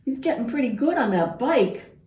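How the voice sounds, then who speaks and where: A woman's voice: high-pitched, very animated, moderate pace, a little mellow. A woman librarian reading a picture book aloud to children, pointing out the pictures as she goes. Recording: roomy, from far off.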